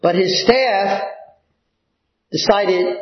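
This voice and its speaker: A man preaching a sermon, teaching slowly and deliberately with pauses and filler words. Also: high-pitched. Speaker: pastor. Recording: echoey room, dull lo-fi sound.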